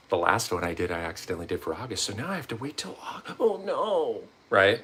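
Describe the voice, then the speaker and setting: A man's voice: lowish voice, a little fast, hardly any pauses, breathy edge. A man vlogging a rambling, casual motivational monologue, swearing often and acting out quotes in different voices. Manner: swearing, rambling, animated quoting of himself and others.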